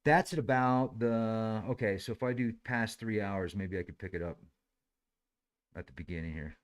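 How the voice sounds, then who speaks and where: A man's voice: lowish voice, clean tone. A man hosting his own show, musing aloud and joking sarcastically as he comments on live webcam footage. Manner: musing, sarcastic, quick to laugh. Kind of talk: casual thinking-aloud commentary.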